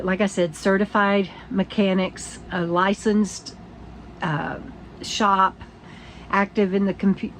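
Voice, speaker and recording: An older woman talks to her camera inside her RV, sounding tired, her slightly low voice wandering through halting restarts and soft laughs. A faint hum of ambience sits behind her. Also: rough recording. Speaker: vlogger. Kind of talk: casual morning chat to camera.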